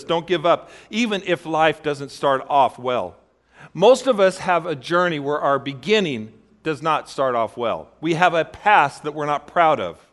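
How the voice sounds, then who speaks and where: Male pastor, sermon; conversational preacher with a slightly high voice who acts out the voices in his stories. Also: a bit bright. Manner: storytelling, acts out quoted voices with big shifts in pitch and volume; direct, conversational preaching with rhetorical questions.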